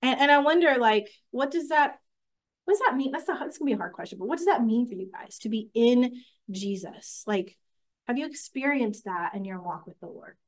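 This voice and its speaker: A young woman teaching a small-group Bible study. Her voice sits on the high side, and her delivery is earnest and chatty. She often restarts her sentences and fills her pauses. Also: animated.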